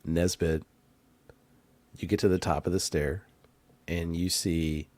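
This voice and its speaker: A man's voice: low-pitched, flat delivery, slow pace, darkish tone, no room sound. A man narrating as game master of a tabletop game, laid-back and laughing, getting hyped at dice rolls.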